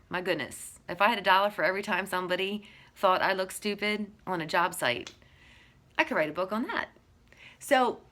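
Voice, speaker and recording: A woman's voice: mid-range voice, a bit bright. A woman giving an earnest faith talk, telling a story and sometimes dropping to a whisper. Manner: earnest, drops to a whisper for quoted moments. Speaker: speaker sharing a faith message.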